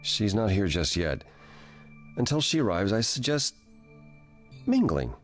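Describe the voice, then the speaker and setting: Game role: a kindly sun god adviser, deep, husky, calm and coaxing. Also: male voice, a little slow, soft background music. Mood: gentle. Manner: calm, gently persuasive. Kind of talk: video game voice acting.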